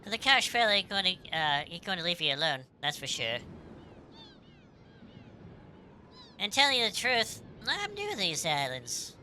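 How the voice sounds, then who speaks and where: A woman's voice: on the low side, expressive, normal speed, sharp tone, a little hiss or hum. A woman voicing a brash, cocky young female thief from a game, tough and slangy, reading the dialogue aloud.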